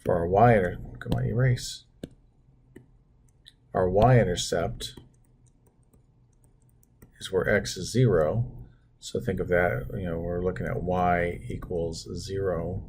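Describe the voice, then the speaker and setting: A man's voice: sits low, fairly even intonation, takes it slowly, gravelly, pauses often, a little mellow, a little hiss or hum. A man teaching math as he draws on a computer screen, talking through each step with self-deprecating asides. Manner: talks through steps while drawing, self-deprecating asides. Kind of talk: screen-recorded math lesson.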